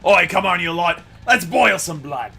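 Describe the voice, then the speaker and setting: A man voicing a sneering, troublemaking dog-man pack leader with a deliberately poor fake British accent. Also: mid-range voice, sing-song, breathy edge, soft background music, pitched above the performer's own voice. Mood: taunting.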